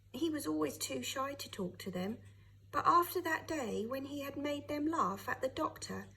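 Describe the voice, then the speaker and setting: A woman, a teacher, reading a children's novel aloud with expressive storytelling. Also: high-pitched, vocal fry, poor audio.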